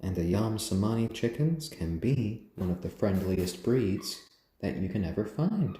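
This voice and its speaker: A man hosting a casual home live stream, gently cooing to his pet chickens and chatting with viewers. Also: lowish voice, expressive, a little slow, echoey room, a little hiss or hum. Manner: chatty, answers viewers' comments.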